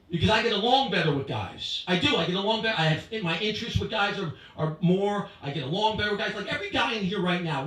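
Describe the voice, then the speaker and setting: A man doing a stand-up comedy set in a club, punchy and animated, with crowd work. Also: high voice, very echoey, far from the mic, poor audio. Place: comedy club stage before a live audience.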